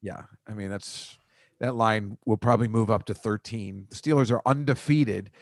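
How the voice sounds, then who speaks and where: A man's voice: fairly low pitch, fairly even intonation, normal speed, creaky, dry recording. Dry teasing male comedy host. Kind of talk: casual comedic chat.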